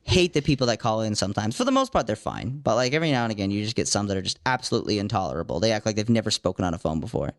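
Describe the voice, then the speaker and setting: A man's voice: on the low side, very animated. A young man from Virginia, ranting profanely in casual podcast chat. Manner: profane, ranting, quick-talking. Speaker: podcast co-host.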